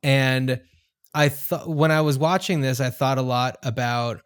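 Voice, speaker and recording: A man co-hosting a podcast, laying out his point about a film in a measured, step-by-step way. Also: medium pitch, fairly even intonation, clear, resonant tone. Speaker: podcast co-host. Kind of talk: casual film discussion.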